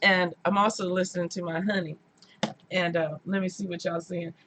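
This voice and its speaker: A chatty woman hosts a live book stream from her room at home. Her voice is bright and forward, and she talks in an animated, loose way with bits of playful mimicry. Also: on the low side, normal speed, a little hiss or hum. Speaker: book channel host. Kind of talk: casual live-stream chat.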